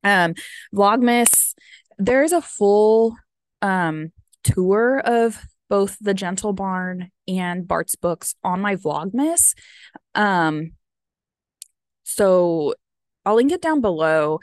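A woman's voice: medium pitch, expressive, very slow, long pauses, clean tone, dry recording. An American woman in her thirties, a vlogger chatting casually and rambling with lots of "like" and "um", a bit sniffly. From United States. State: sniffly from having teared up. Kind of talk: casual chat.

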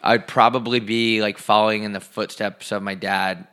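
A man's voice: lowish voice, little pitch movement, normal speed, a bit bright, clean tone. A man co-hosting a casual podcast from his living room, ranting profanely and emphatically, a little out of breath. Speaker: podcast co-host.

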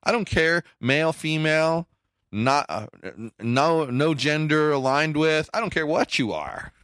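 Blunt, animated man on a podcast. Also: unhurried, clean tone, no room sound, clean studio sound. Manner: blunt, emphatic, swings up in pitch when making a point. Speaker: podcast co-host. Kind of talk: casual chat.

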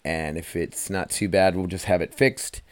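His voice sits low, with a steady, clear and resonant tone at a moderate pace, in a dry recording. The speaker is an American hosting his own podcast, rambling, swearing and calling listeners "you guys" in a casual solo monologue while emotional and choked up.

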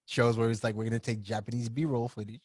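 A man talks in a casual, animated way, full of slang and quick laughs. His voice sits at an ordinary pitch, recorded dry and close with little room sound. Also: no room sound. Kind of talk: casual chat.

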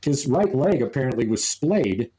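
Podcast co-host, male, mellow tone, loose rambling storyteller. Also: mid-range voice, big pitch swings, moderate pace, low-quality recording. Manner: rambling, amused anecdote-telling with many restarts. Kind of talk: casual storytelling chat.

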